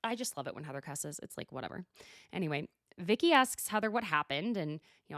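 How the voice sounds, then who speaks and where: Woman, podcast host, gossipy recap, animated pitch, dry sound. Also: fast, no echo. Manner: gossipy, swears, laughs, acts out quotes. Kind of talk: casual recap chat.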